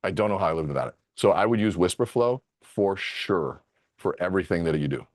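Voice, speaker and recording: Male interview guest, deep voice, excitable storyteller, close dry sound. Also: a little fast, no echo. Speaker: guest speaker and author. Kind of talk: conversational interview.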